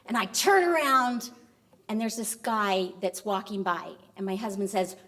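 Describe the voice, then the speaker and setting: Woman telling a lively story in a lecture. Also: medium pitch, normal speed. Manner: animated, acts out dialogue in a story. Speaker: university vice president giving a lecture.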